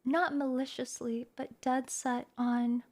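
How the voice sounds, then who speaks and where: A woman streamer speaking softly and reflectively to her viewers, hesitating and restarting as she goes. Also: sits high, flat delivery, slow. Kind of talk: personal talk to viewers.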